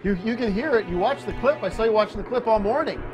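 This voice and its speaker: A man hosting a comedic film show in a fairly high voice. He is bossy and impatient, snapping out direction and cursing freely. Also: expressive, fast, over music. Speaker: host.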